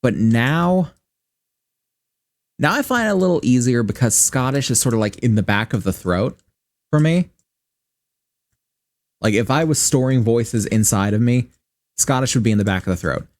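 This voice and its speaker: A Midwestern American man thinks aloud while streaming a game, rambling from one point to the next and swearing freely. His voice sits at an everyday middle pitch. The sound is dry and close, with no room around it. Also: expressive, moderate pace, long pauses, darkish tone, dry recording. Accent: general American Midwestern. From Michigan, US. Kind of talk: casual gaming stream commentary.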